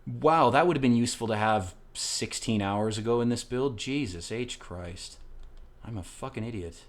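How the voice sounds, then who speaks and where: A man hosting a let's play, rambling through casual, profane gameplay commentary with excitable outbursts. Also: mid-range voice, normal speed.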